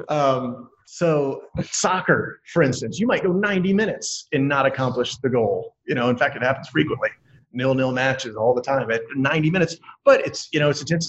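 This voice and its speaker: A man co-hosting a podcast, talking casually in a rambling, animated way and laughing often. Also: mid-range voice, highs cut off. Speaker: podcast co-host.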